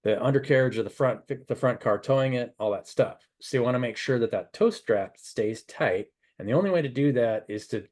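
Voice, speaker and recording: A middle-aged man, a spiritual advisor, telling a rambling, animated story and giving casual advice. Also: on the low side.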